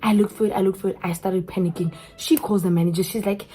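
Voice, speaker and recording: A young South African woman with a South African accent, telling a story in an animated way straight to her viewers. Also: medium pitch, fast. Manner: animated, keeps addressing viewers as guys. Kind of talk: storytime vlog.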